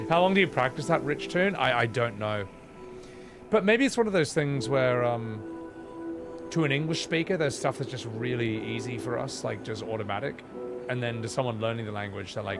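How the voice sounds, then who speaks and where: A male streamer talks over a video game, his mid-pitched voice swinging widely up and down as he rants and jokes with plenty of swearing. Game music plays clearly behind him. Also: a little fast. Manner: animated, profane, jokey rants. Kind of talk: gameplay commentary with chat.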